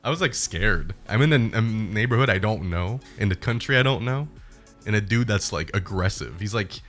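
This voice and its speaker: A young man streamer casually retelling a bad trip, animated and profane. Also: fairly low pitch, normal speed, soft background music. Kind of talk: casual storytelling.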